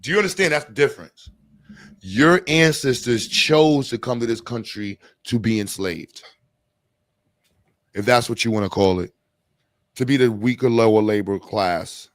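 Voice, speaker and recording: A man's voice: mid-range voice, moderate pace, pauses often, no room sound. A man hosting a podcast, ranting in a blunt, profane, slangy way. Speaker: podcast host. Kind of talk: heated casual rant.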